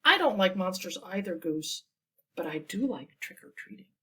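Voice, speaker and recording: A woman's voice: fairly low pitch, very animated, moderate pace, fairly bright tone, distant mic. A woman voicing a cheerful, easygoing male duck in a storybook read-aloud. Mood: reassuring.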